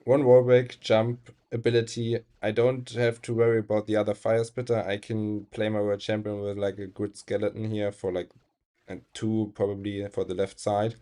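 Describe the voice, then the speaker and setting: A man's voice: fairly low pitch, level tone, normal speed, mellow. A young man with a German accent, a non-native speaker, chatting casually on a live game stream, reading chat aloud and laughing often.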